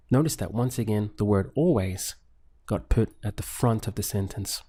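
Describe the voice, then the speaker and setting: A man teaching a language lesson, patiently repeating phrases and pausing for the listener to answer. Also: fairly low pitch, mellow, husky. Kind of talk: paced language lesson with pauses for practice.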